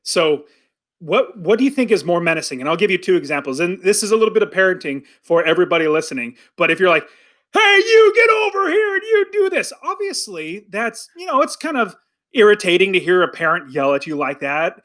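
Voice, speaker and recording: A middle-aged man talking casually on a podcast, his voice sitting high for a man. He is animated, often slipping into quoted voices and lines to act out what he describes. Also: fast talker. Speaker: podcast co-host.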